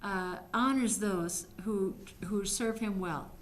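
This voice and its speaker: A woman's voice: medium pitch, slow, close to an everyday voice. A woman voicing a casual Persian king. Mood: commanding. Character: ancient Persian king, commanding man.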